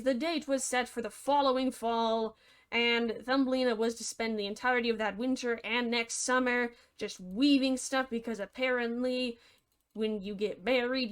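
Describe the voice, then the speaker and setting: A woman's voice: a little high, clear, resonant tone. A young woman narrating a fairy tale with comedy, sarcastic and playful, slipping in mock-cheerful asides. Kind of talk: comedic storytelling over a game video.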